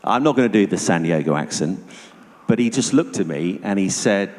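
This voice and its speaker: A man giving a personal testimony to an audience as a guest speaker, telling it vividly and going hushed at tense moments. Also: deep voice, expressive, normal speed. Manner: vivid storytelling, dropping to hushed tones for tension. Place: church hall. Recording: long reverb of a church hall.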